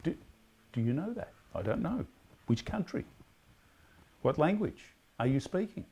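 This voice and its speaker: A man with an Australian accent hosting a casual pub quiz, reading questions slowly and emphatically, then rambling and correcting himself. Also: on the high side, very animated, warm tone, breathy edge. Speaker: quiz host.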